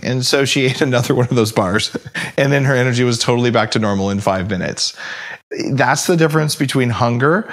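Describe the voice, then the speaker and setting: A man's voice: fairly low pitch, fairly quick. A man in his forties, a podcast guest telling stories in a casual interview and acting out the voices of the people in them. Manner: animated storyteller acting out quoted voices. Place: podcast studio.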